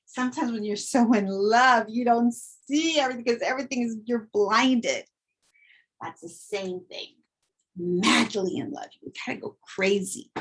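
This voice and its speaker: Woman teacher, husky voice, slow and deliberate, vocabulary lesson, acts out feelings. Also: fairly high pitch, poor audio. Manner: acts out emotions with dramatic quoted lines.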